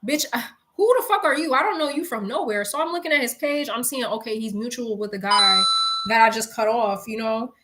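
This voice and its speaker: A young woman from New York telling a slangy, animated story to her viewers in casual chat, swearing freely and talking straight to the audience. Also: fairly high pitch, fairly quick. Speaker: live-streaming storyteller.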